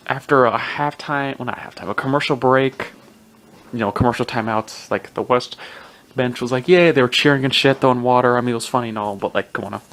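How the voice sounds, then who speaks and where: A man's voice: medium pitch, a bit bright, a little hiss or hum. Rambling, profane male podcast host. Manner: rambling, profane, self-mocking, laughs often. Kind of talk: casual solo sports commentary.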